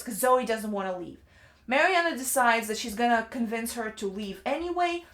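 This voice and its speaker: A woman's voice: on the high side, animated, normal speed, echoey room. A woman giving a casual, ranting book review, chatty and exasperated, leaning on "like" a lot. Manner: exasperated, chatty, fills speech with "like".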